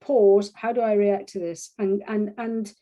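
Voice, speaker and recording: A woman parenting coach talking in a casual interview, animated, restarting her sentences often and acting out little quotes. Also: medium pitch, a little slow, highs cut off. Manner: animated, acts out quotes in voices; frequent restarts and filler phrases.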